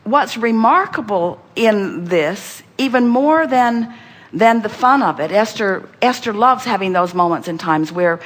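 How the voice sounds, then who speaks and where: A woman giving an inspirational spiritual talk, speaking as "we" and addressing the listener directly, emphatic and repetitive, with sudden jumps in pitch and volume. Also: expressive, unhurried. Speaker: spiritual teacher channeling a group voice. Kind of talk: inspirational talk to a seminar guest.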